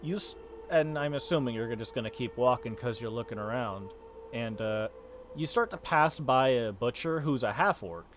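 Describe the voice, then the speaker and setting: A man running a homebrew tabletop game as game master, narrating in a relaxed, chatty way with frequent fillers. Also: mid-range voice, normal speed, faint music behind. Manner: relaxed, chatty, laughs often, hesitant fillers.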